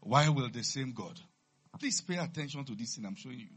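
A man preaching a sermon, reading scripture low and measured, then building to loud, high-pitched shouts. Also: expressive, breathy edge.

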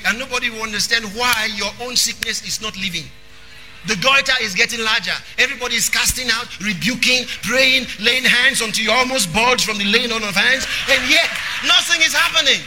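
A man preaching a sermon. He is emphatic, repeats phrases, and breaks into shouting. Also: very high voice.

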